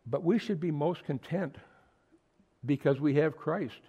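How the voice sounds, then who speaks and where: A man's voice: a little high, measured pace, mellow, slightly rough, dull audio. A man preaching a sermon to a small fellowship, earnest and emphatic, often repeating words for stress. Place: small fellowship meeting room.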